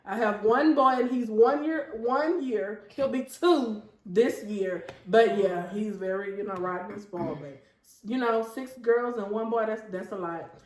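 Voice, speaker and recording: A woman's voice: mid-range voice, normal speed, a little mellow, reverberant, rough recording. A woman, hosting a casual faith talk show and speaking heartfelt and chatty to her viewers. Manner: chatty and heartfelt, often addressing viewers as y'all. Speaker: host.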